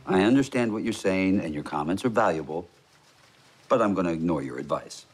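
An actor playing a cocky fox who brushes off advice in an animated film. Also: male voice, sits low, a little fast, husky. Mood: dismissive. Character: stubborn male fox client, cocky.

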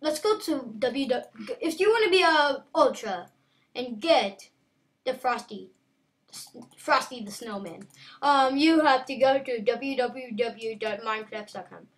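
A woman giving casual, playful game commentary, excitable and taunting. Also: sits high, measured pace, distant mic. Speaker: gameplay commentator.

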